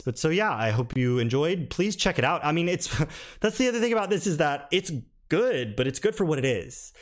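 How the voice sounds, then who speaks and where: Frank, rambling man with a slightly high voice. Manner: frank and rambling, with many restarts and "like"; candidly critical, mildly exasperated. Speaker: film reviewer. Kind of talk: casual spoken review.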